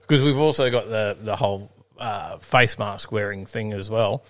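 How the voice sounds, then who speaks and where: Laid-back Australian man, low voice. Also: fairly even intonation, moderate pace, a bit bright. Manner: laid-back, joking, with lots of ums and self-repeats. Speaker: co-host. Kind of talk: casual live-stream chat.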